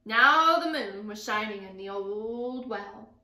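A woman's voice: medium pitch, lively intonation, slow, pushed and bright. A woman teacher expressively reading a picture book aloud and interjecting to her class. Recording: echoey room.

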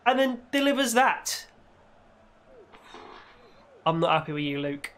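Male gaming creator with a high voice, lively commentary that breaks into shouts. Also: unhurried. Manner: reacts loudly, shouts at goals and the referee. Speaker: gaming YouTuber. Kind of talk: excitable gameplay commentary.

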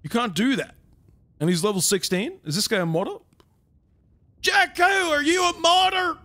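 A man's voice: very high voice, moderate pace, bright, forceful tone. Grumbling, swearing male game streamer. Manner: muttering, swearing, grumbles at teammates. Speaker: gaming streamer. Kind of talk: casual live-stream commentary.

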